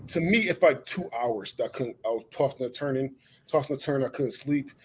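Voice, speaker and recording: A man's voice: medium pitch, a little fast. Brief: male guest, casual storytelling, faint noise under the voice. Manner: relaxed storyteller, quotes others. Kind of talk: casual chat.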